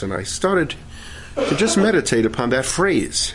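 A man leading worship and preaching a sermon, fervent in praise and gentle when he teaches. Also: mid-range voice, sing-song, measured pace, a little hiss or hum. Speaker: pastor.

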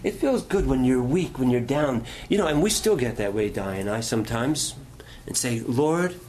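A man's voice: mid-range voice, expressive, normal speed, a little mellow, slight background noise. A middle-aged male pastor preaching a sermon, telling stories in a folksy way and asking the congregation questions.

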